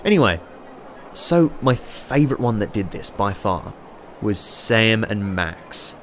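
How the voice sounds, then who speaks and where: A man rambling excitably and swearing freely as he chats casually over a city-building game. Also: on the low side, slow pace, slight background noise. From Australia. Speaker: YouTuber playing a city-builder.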